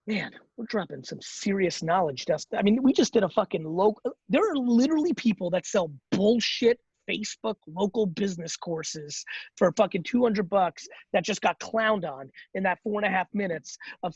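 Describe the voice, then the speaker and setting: Blunt, profane man with a husky voice. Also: high voice, animated, no echo, lo-fi sound. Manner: blunt, fast, profane, emphatic. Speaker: show host giving business advice. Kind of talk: call-in advice show.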